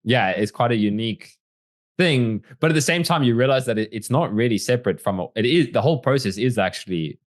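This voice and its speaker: A man's voice: medium pitch, expressive, a little fast, no echo, clean studio sound. A man as the guest in a casual interview, talking reflectively and animatedly with many fillers.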